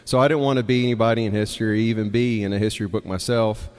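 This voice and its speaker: A man's voice: on the low side, fairly even intonation, fast talker, a little mellow, clean tone. A young adult man from Mississippi with a Southern accent, telling a personal story in a casual, conversational way, laughing now and then and acting out what people said. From Mississippi, United States. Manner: conversational, laughs between lines, acts out quoted voices. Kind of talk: live storytelling. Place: storytelling night, hall with long reverb. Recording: reverberant hall.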